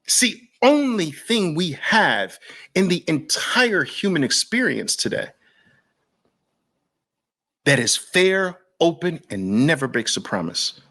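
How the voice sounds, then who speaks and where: A man's voice: a little high, big pitch swings, takes it slowly, sharp tone. A man with a New York accent hosting an impassioned monologue, preaching fervently in repeated rhetorical questions and lists. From Brooklyn. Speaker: host.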